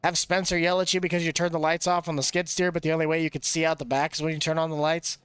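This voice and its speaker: A man's voice: on the high side, level tone, fast talker, fairly bright tone, smooth, no room sound. Chatty, jokey man streaming a farm game. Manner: rambling, jokey, laughs often. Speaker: live-streamer playing a farming game. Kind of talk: casual gameplay chatter.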